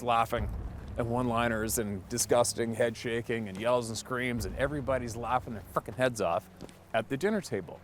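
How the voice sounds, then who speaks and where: A man spins a casual story with lively, emphatic delivery and plenty of cursing. His voice sits at an everyday middle pitch. A faint hum of vehicle noise runs behind him. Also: fairly quick. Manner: animated, emphatic, cursing freely. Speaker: hunting channel host.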